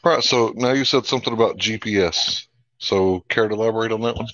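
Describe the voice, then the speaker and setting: A man's voice: fairly low pitch, fairly quick, a bit bright. A man hosting a live stream, pressing his guest with pointed debate-style questions. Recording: dull lo-fi dry sound.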